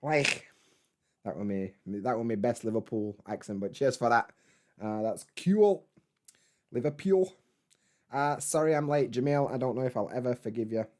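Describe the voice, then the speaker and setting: Bloke, mid-pitched, chatting loosely to his stream from home, casual and sweary. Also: steady tone, quick pace, few pauses, a little mellow, slight background noise. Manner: laid-back, rambling, swears freely. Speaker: YouTuber hosting a live stream. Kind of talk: casual live-stream chat reading comments.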